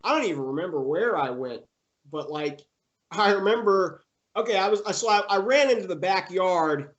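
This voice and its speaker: A young man being interviewed, telling a personal story in a halting way with many fillers and restarts, getting emotional. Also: high voice, lively intonation, lo-fi sound.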